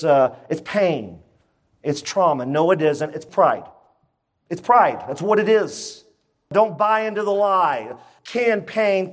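A pastor preaching to his church congregation, emphatic and conversational, repeating his key points and putting questions to the room. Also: high voice. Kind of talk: sermon.

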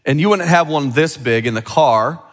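Chatty pastor in a reverberant church. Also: male voice, a little high, moderate pace, fairly bright tone. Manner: chatty, asks the room questions often. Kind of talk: sermon with a children's object lesson. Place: church sanctuary.

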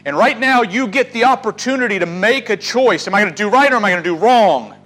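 A man preaching a sermon, swinging from loud urging to hushed, drawn-out words. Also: high voice, lively intonation, rough recording. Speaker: pastor.

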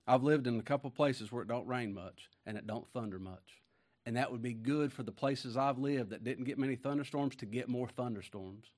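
Male preacher, mid-pitch, folksy sermon delivery with big swings in volume and slow, weighty scripture reading. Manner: folksy and conversational, swinging from hushed asides to booming emphasis; reads scripture slowly with stretched, weighty phrasing.

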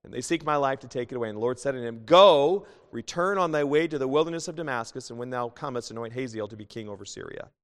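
A man in his thirties preaching a sermon as pastor, swinging between fervent, rising bursts and hushed, tender pleas. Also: mid-range voice, racing, few pauses. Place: church sanctuary. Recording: long church reverb.

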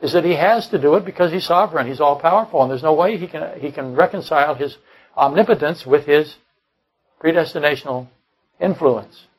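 A man's voice: on the high side, brisk, breathy edge, low-quality recording. An older man preaching a sermon, blunt and combative, often repeating and restarting his phrases. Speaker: pastor. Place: church service.

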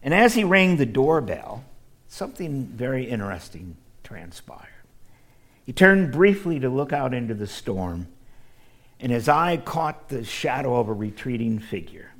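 Pastor with lively, swinging delivery. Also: male voice, medium pitch, moderate pace. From American Midwest. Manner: dramatic swings from loud emphasis to hushed near-whispers; addresses the congregation directly. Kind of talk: sermon.

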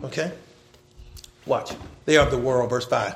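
A male pastor preaching a sermon, swinging from loud shouting to quiet asides, with colloquial talk and lots of repeated words. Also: medium pitch, moderate pace, creaky.

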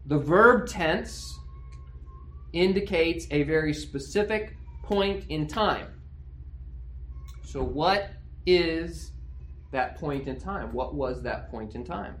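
A man's voice: a little high, slight background noise. A male pastor preaching an expository sermon in a conversational way, often checking in with his listeners through rhetorical questions.

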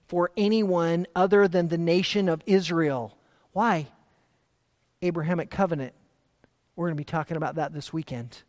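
A man with a high voice preaches a verse-by-verse sermon to his congregation. He turns from quiet, confiding asides to forceful, emphatic points, and his words ring out with a long reverb, as in a large hall. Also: normal speed, long pauses. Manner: emphatic, shifts between hushed asides and forceful declarations. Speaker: pastor. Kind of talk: expository sermon.

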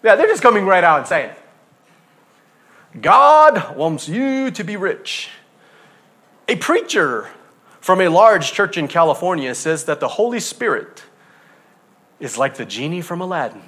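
A male pastor preaching a sermon, moving from hushed near-whispers to loud, emphatic passages. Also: on the high side, big pitch swings, moderate pace.

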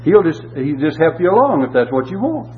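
A man preaches and reads scripture emphatically, repeating key words and posing rhetorical questions. His fairly high voice is sing-song and brisk, heard through tinny, phone-like audio with a faint hum.

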